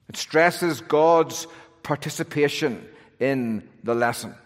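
A man delivers a sermon with earnest emphasis, restarting phrases and adding asides as he goes. His voice has a mid-range pitch. It carries a long reverb, as if spoken in a church sanctuary. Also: slow. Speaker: preacher.

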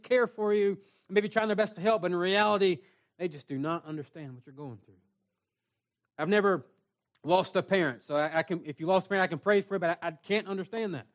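A young man preaching a sermon in an earnest, plain-spoken way, repeating phrases and reading scripture aloud. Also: sits high.

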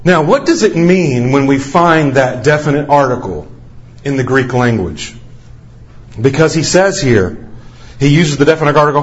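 A man's voice: on the high side, lively intonation, normal speed, dull audio. A man preaching a sermon as a missionary, stressing key phrases by repeating them over and over.

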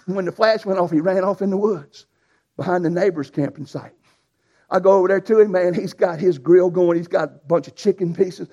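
Man, preacher, folksy animated sermon stories, raspy fry, muffled sound. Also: high-pitched, brisk. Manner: folksy, animated storytelling with dialect grammar. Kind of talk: storytelling sermon. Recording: dull lo-fi sound.

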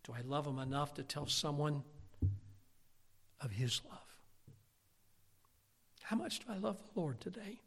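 A male pastor preaching a sermon, swinging from loud, emphatic lines to hushed ones. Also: fairly high pitch, animated, measured pace, long pauses, breathy edge. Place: church sanctuary. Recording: long reverb of a church hall.

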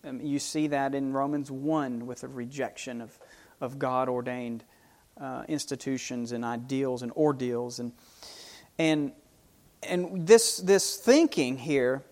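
A man preaching a sermon, unhurried, often repeating and restarting his phrases as he explains a psalm. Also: medium pitch, darkish tone.

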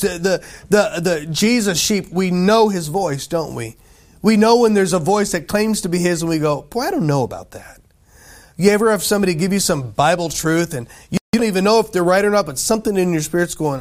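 A man preaching a sermon in a loose, conversational way, joking and asking the congregation questions. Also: a little high. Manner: conversational, jokey, asks the crowd questions. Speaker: pastor.

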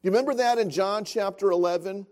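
A man's voice: high-pitched, fast, a little mellow. A man preaching a sermon as pastor of a church, telling stories with frequent filler sounds.

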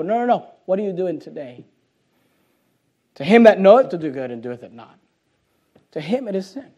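High-voiced man preaching a fiery sermon. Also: big pitch swings, normal speed, pauses often, highs cut off. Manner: fiery preaching, swinging between loud emphasis and quiet, and repeating key phrases. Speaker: pastor.

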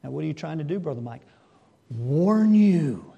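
Man preaching a sermon, pretty high voice, lots of questions to the room, goes quiet then loud. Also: lively intonation, moderate pace, creaky, breathy edge, lo-fi sound. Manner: preaches with rhetorical questions, swinging between hushed and loud.

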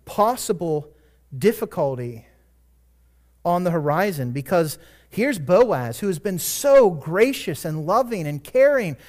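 Earnest preaching man, fairly high voice. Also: big pitch swings, a little slow, a little mellow. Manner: earnest preaching with rising emphatic peaks; conversational asides and self-corrections. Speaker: pastor. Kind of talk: sermon.

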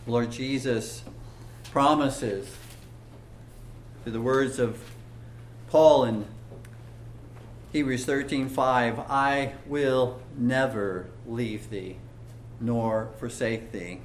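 A man preaching a sermon, slow and earnest, building to emphatic swells. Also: medium pitch, fairly even intonation, roomy sound, a little hiss or hum.

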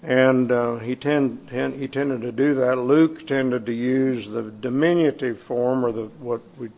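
Gravelly-voiced man preaching a sermon. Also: medium pitch, steady tone, darkish tone. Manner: conversational, halting with fillers and restarts. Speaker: pastor. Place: church sanctuary.

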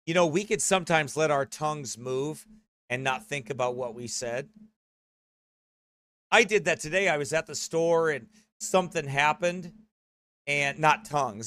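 A man's voice: a little high, bright, forceful tone, no room sound. A man preaching a sermon in a conversational, earnest way, often correcting himself.

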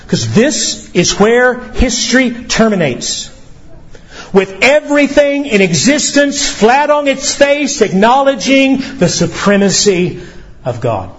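A male pastor preaching a sermon with passion, swinging between commanding shouts and low quiet asides. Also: muffled recording.

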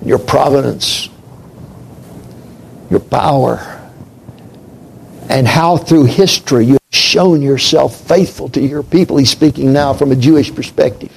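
A man preaching a sermon in a slow, reflective way, dropping to a hush on key points. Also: mid-range voice, creaky, slight background noise, rough recording.

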